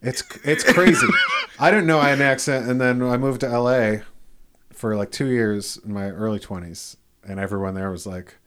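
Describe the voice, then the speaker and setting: A man's voice: mid-range voice, moderate pace, fairly bright tone. A man hosting a casual chat, talkative, laughing often and swearing casually.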